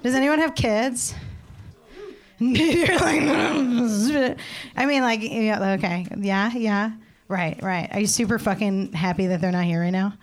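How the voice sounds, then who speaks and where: A woman's voice: medium pitch, normal speed. A young woman performing a stand-up comedy set, rambling through stories and acting out the voices of people in them. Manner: rambling, animated storytelling with laughs and acted-out voices.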